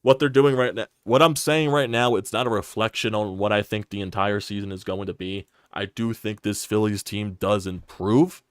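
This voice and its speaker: A man's voice: lowish voice, steady tone, normal speed, hardly any pauses, smooth, no room sound, clean studio sound. A young man ranting on a live sports stream, frustrated and profane, repeating himself as he talks.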